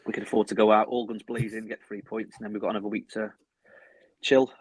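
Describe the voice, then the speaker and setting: A man co-hosting a casual football podcast, talking quickly and rambling with many restarts. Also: fairly low pitch, flat delivery, slightly rough, no room sound, low-quality recording. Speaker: podcast co-host. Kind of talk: casual chat. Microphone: home video call.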